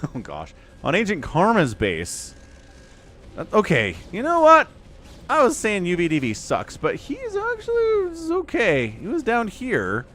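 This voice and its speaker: A man's voice: fairly high pitch, huge pitch swings, a little slow, fairly bright tone. An American man giving casual, joking livestream commentary on a strategy game and chatting with viewers. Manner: chatty, joking, reads chat aloud.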